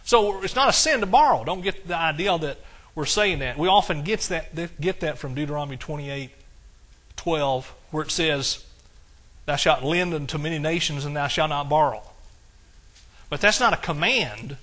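A preacher from East Texas with the accent to match delivers a folksy sermon, breaking into exclamations as he quotes old-style scripture. His voice is bright and forceful and sits a little high for a middle-aged man. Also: lively intonation, moderate pace. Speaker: pastor.

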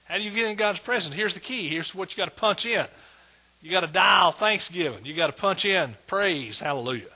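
A pastor with a husky, bright-edged tenor delivers an emphatic sermon. He drives his points home word by word, his voice rising slightly above the usual male range as he builds toward praise. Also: high-pitched, lively intonation, fairly quick. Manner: emphatic preaching, repeats words with rising intensity.

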